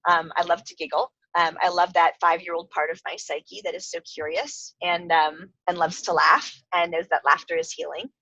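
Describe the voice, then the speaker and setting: A middle-aged woman, a life coach, chatting as a podcast guest in a bubbly, giggly, expressive way. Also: fairly low pitch, normal speed, hardly any pauses, no room sound, dull audio. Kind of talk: casual interview chat.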